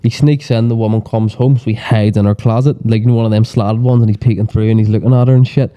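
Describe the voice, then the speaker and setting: A man's voice: lowish voice, fairly even intonation, quick pace, smooth, dull audio. A man chatting casually on a podcast, telling rambling, sweary stories full of fillers. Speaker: podcast guest. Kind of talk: casual chat.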